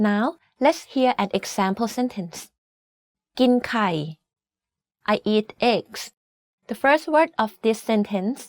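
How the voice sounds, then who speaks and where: A woman teaching a language lesson, explaining each tone clearly and slowly demonstrating example words. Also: fairly high pitch, a little mellow, no room sound. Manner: clear, slow demonstrations of tones.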